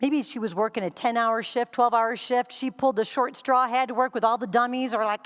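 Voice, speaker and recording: A woman giving a keynote speech, telling a funny story in an animated way and acting out scenes and quotes for a live audience. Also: fairly high pitch, brisk, few pauses. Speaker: keynote speaker. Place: conference stage before a live audience.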